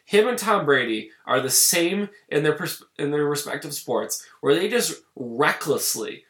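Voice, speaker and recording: A man's voice: fairly high pitch, lively intonation, unhurried, a bit bright, echoey room. A man co-hosting a casual podcast, talking bluntly and with exasperation, swearing now and then. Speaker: podcast co-host.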